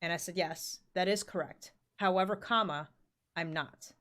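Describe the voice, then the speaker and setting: A woman's voice: lowish voice, steady tone, normal speed, fairly bright tone. A woman in her forties telling a rambling work story in casual chat, full of fillers and the odd swear word. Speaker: podcast co-host.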